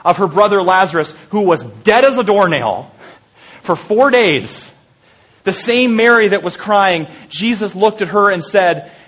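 High-voiced preacher telling an Easter story. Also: male voice, lively intonation, measured pace. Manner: storytelling, drops to a hushed voice for intimate moments; lighthearted asides. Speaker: pastor. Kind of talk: Easter sermon.

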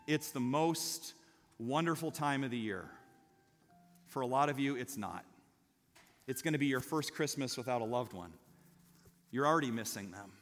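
A man preaching a sermon in a church, telling stories in an animated way and rising loud and high at the peaks. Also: in a large hall. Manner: animated storytelling, rises loud and high at the climax. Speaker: pastor.

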